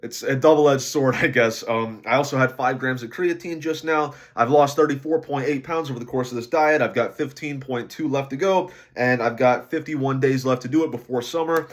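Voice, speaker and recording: A tired man records a casual diary vlog about his weight loss. He sounds drained from lack of sleep and rambles along with lots of fillers. His voice sits at an ordinary middle pitch. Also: normal speed, hardly any pauses. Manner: low-energy, rambling with many fillers.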